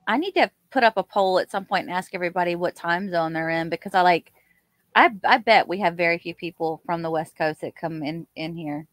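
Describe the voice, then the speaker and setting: A woman's voice: fairly low pitch, fairly quick, no echo. A woman with a Southern US accent co-hosting a casual live stream, chatting and reading out viewers' comments. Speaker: co-host of a true crime live stream.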